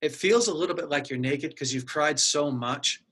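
A man's voice: fairly high pitch, moderate pace, a bit bright, husky. A middle-aged man earnestly telling a personal story in casual conversation, acting out his own inner dialogue. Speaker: guest sharing a personal story.

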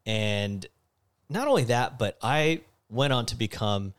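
A young man tells a story in casual chat. He acts out the quotes loudly and turns animated as he laughs. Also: medium pitch, measured pace, clear, resonant tone. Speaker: former store clerk telling a story.

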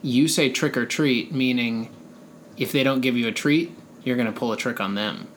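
A man co-hosts a podcast in relaxed, casual conversation. His remarks are low-key, dry and unhurried. A faint ambient hum sits behind him. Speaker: podcast co-host. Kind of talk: casual chat.

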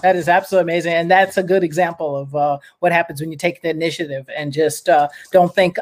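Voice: medium pitch, steady tone, fast, hardly any pauses. A host in casual conversation, upbeat and encouraging, who breaks into motivational asides.

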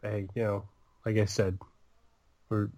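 A man's voice: lowish voice, flat delivery, a little slow, dark tone, dry recording. Laid-back wry podcast co-host man. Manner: laid-back, wry and sarcastic, short replies. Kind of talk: casual chat.

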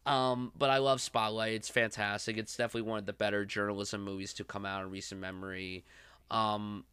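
A man's voice: lowish voice, flat delivery, brisk, sharp tone, clean tone, no echo. A man hosting a casual film podcast, talking enthusiastically in loose, rambling sentences. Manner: enthusiastic, talks in loose run-on sentences with fillers. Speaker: podcast host.

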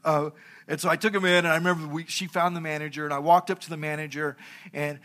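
A man's voice: fairly high pitch, level tone, fast talker, pushed and bright. A middle-aged man, a pastor, preaching a sermon and telling a humorous story from his own life.

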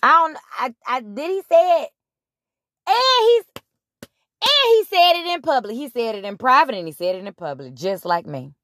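A woman's voice: sits high, normal speed, dry recording, clean studio sound. A woman hosting a casual spiritual monologue, blunt and profane, retelling scripture. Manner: animated, blunt, profane, retelling scripture in her own words. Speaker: podcast host.

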